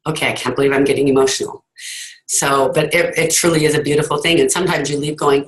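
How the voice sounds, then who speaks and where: A woman's voice: extremely low pitch, fairly even intonation, quick pace, poor audio. A woman giving an earnest, emphatic motivational talk over a video call, telling her story to her team. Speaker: team leader hosting a call.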